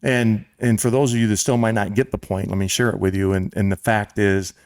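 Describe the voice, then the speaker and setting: Animated American man telling a story. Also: on the low side, fairly quick, clear, resonant tone, no room sound, clean studio sound. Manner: animated storyteller, voices quoted people. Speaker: show host and club president. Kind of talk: storytelling in casual podcast chat.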